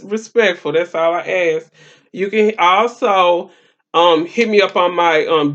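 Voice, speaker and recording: Slow-talking woman hosting a live stream. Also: medium pitch, dull audio. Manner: rambling, filler-heavy, talks straight to viewers. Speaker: live-stream talk show host. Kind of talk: casual live-stream chat.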